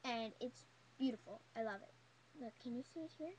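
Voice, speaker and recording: Young female beauty vlogger, bubbly and gushing, voice sitting a bit high, faint hiss under it. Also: fairly quick, a little mellow, low-quality recording. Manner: gushing, chatty, full of "like" and "oh my god". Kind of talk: casual haul video chat.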